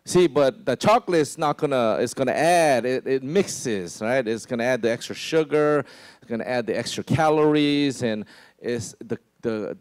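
A pastor preaching a sermon in a conversational way, often asking "right?" and dropping into a lower voice to act out quotes. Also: male voice, no room sound. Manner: conversational, many "right?" asides and restarts.

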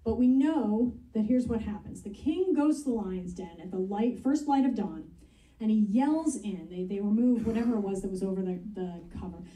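Recorded from afar in a roomy church sanctuary, a woman pastor reads scripture and explains it in an earnest, conversational sermon. She speaks at a moderate pace, her medium-pitched voice warm and expressive.

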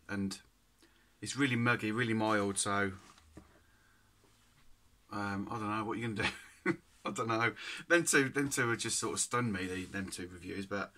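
A man's voice: fairly low pitch, pushed and bright. A man, chatting casually to camera as a food reviewer, giggly and rambling with lots of "anyway". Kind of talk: casual chat.

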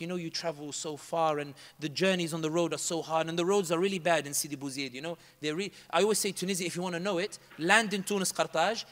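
Man, high voice, quick emphatic storytelling, Arabic phrases sprinkled in, long hall reverb. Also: fairly bright tone. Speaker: public speaker. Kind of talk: animated storytelling talk.

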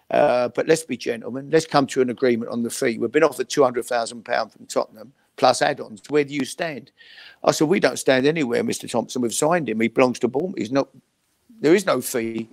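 A man's voice: medium pitch, creaky, no room sound. An older man, telling football anecdotes as a guest on a call-in interview and acting out the voices of others. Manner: lively storyteller acting out voices, chuckling. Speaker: guest, former football manager. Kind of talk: anecdotal storytelling. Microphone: video call.

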